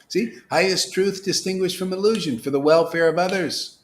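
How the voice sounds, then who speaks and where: A man giving an informal, animated devotional talk as a spiritual teacher, dropping to whispers and rising to exclamations. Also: fairly high pitch, a little slow, long pauses. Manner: animated preaching, swings from whispers to loud exclamations.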